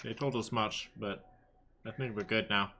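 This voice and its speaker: A man roleplays at a tabletop game in a bright, forward voice of middle pitch. He speaks in a measured, diplomatic way. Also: fairly even intonation, slight background noise. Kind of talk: in-character roleplay chat.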